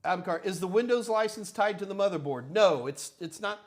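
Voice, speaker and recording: A man's voice: high voice, lively intonation, a little fast. An older man hosting a live tech Q&A, answering chat questions in a blunt, emphatic, ranting way. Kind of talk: live Q&A stream.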